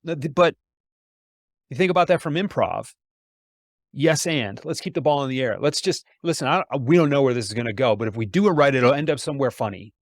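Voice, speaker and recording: A man talks as a podcast guest, driving points home with punchy sayings and restarting phrases as he builds momentum. His voice is of average pitch for a man, recorded close and dry without room sound. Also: lively intonation, brisk, dry recording. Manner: emphatic, speaks in punchy aphorisms, repeats words as he builds a point. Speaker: sales trainer, podcast guest. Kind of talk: casual conversational interview.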